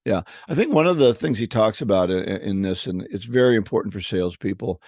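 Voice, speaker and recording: Man, fairly low voice, dry close sound; chatty co-host who spins anecdotes and repeats words as he goes. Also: expressive, brisk, a little mellow, no room sound. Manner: storytelling, acts out voices in anecdotes; frequent restarts and repeated words. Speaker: podcast co-host. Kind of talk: casual conversation on selling.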